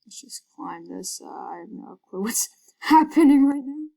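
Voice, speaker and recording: A woman's voice: a little high, lively intonation, moderate pace, creaky, mellow, low-quality recording. A woman giving hesitant, casual commentary while playing a video game, full of fillers and whispered asides. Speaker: gaming video creator.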